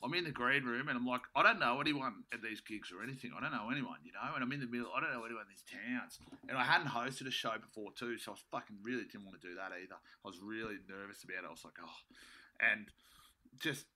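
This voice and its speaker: Bright-voiced man telling stories. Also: medium pitch, fast talker. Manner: rambling, sweary, self-mocking, lots of restarts. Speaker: comedian guest. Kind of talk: casual storytelling.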